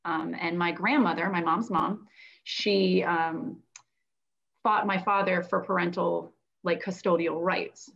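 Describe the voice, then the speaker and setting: Woman author from florida telling her book story, lively with lots of ums, kinda muffled audio. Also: on the low side, slow pace, vocal fry. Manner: animated storytelling, acts out quotes, frequent fillers. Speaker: children's book author and classroom teacher. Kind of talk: livestreamed book launch conversation.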